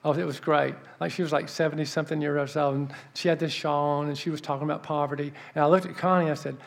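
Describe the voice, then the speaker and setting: A man giving a sermon as an earnest, animated story, dropping soft for emphasis. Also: a little high, fast talker, vocal fry, hardly any pauses. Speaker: preacher.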